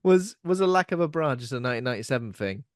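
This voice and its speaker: A man's voice: mid-range voice, animated, racing, no echo, clean studio sound. A man co-hosting a podcast in casual chat, rambling and self-mocking, laughing often. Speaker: podcast co-host.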